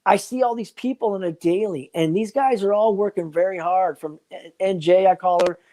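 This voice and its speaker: A man's voice: high-pitched, normal speed, dark tone. An older man joking and rambling profanely as a guest on a live stream, calling in from his phone. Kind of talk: casual live-stream chat.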